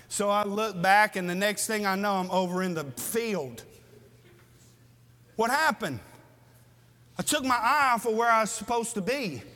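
A man's voice: sits high, pushed and bright. A male pastor preaching a sermon in a church, earnestly asking his listeners questions in a plain-spoken way. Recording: long reverb of a hall.

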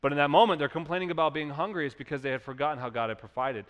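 A man preaching a sermon as pastor, animated, acting out quoted complainers in a raised voice. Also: fairly high pitch, very fast, clean tone, in a large hall, muffled recording.

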